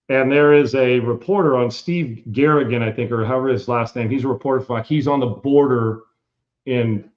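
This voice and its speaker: Brief: male sports show host, lively casual storytelling, mid pitch, dull lo-fi sound. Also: normal speed. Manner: animated storyteller, laughs a lot. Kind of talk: casual sports talk chat.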